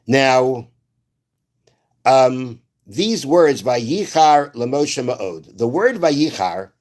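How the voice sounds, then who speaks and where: Guy w/ kinda high voice teaching a torah class, slow careful explaining, says stuff twice. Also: a little mellow. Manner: explains slowly, repeats phrases, quotes Hebrew verses. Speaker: rabbi.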